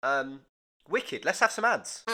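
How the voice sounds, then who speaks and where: A young man co-hosts a comedy podcast in loose, giggly banter. His voice is bright and fairly high, and his pitch jumps around a lot. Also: sing-song, slow. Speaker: podcast co-host. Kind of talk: casual comedy podcast chat.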